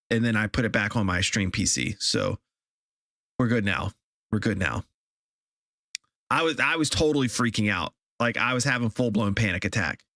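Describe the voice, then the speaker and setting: A man's voice: on the low side, a bit bright, no room sound, studio quality. A man live-streaming a game, chatting casually with viewers and ranting in exasperation, often repeating himself.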